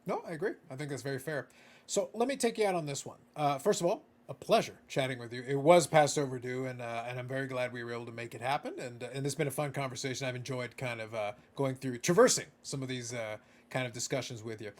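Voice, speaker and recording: A male podcast host chatting casually, animated and playful, often repeating words as he starts a thought. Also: medium pitch, fast talker. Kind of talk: casual conversation.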